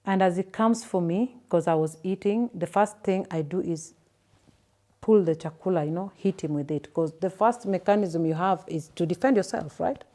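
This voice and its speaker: A Kenyan woman in her thirties recounts her own experiences in an interview, speaking softly with frequent fillers and repeated words. Her voice sits a little low and sounds warm and mellow rather than bright. The pace is unhurried and personal. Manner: soft, halting storytelling with repeated words and fillers. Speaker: guest telling her story.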